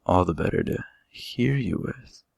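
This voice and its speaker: A man's voice: sits low, expressive, a little slow, gravelly, dry recording, studio quality, heavily acted. A man doing the big bad wolf, growling and sly. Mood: menacing. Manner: growling, loud.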